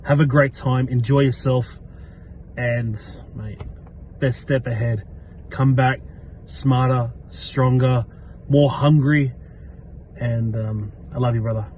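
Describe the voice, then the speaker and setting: A podcast regular recording an earnest, encouraging farewell message. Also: male voice, mid-range voice, steady tone, slow pace, pauses often, a little mellow, a little hiss or hum.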